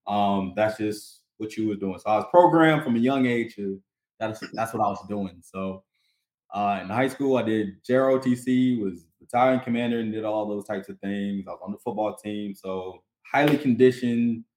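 A man hosting a casual podcast chat, telling animated stories and laughing often. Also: lowish voice, moderate pace. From North Carolina. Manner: animated storyteller, acts out voices, laughs often. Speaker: podcast host. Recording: echoey room.

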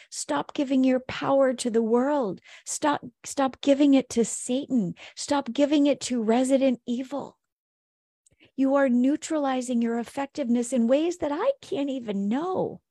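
A woman's voice: high voice, warm tone, no room sound, studio quality. A woman coaching on a faith-based weight loss podcast, speaking earnestly and emphatically, piling up repeated exhortations. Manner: earnest, emphatic, preachy repetition. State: emotional.

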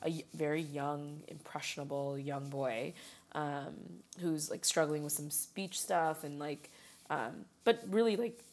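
With a low pitch and a measured pace, this Chicago woman is having a casual chat. Her storytelling is animated, broken up by frequent laughter and lots of fillers.

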